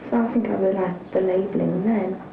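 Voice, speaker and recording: A woman's voice: mid-range voice, steady tone, a little fast, creaky, echoey room. Reflective woman on a noisy, tinny tape. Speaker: interviewee. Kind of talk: personal documentary recollection.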